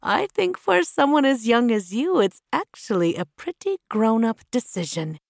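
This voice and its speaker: A woman voicing a proud, gentle queen mother who reassures her daughter. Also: fairly high pitch, sing-song, moderate pace, gravelly, dry recording, clean studio sound, pitched above the performer's own voice.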